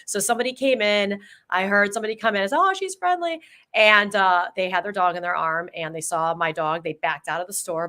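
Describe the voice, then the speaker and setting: A woman co-hosting a podcast, telling a long, rambling story in a casual, animated way. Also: medium pitch. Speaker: podcast co-host. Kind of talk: casual chat.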